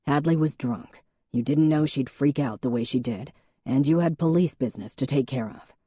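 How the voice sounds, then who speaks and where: A woman narrator voicing a patient, dry-humored male police chief who speaks steadily and calmly. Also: mid-range voice, normal speed, husky, no echo, close to an everyday voice. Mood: steady. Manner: steady, calm, gently teasing.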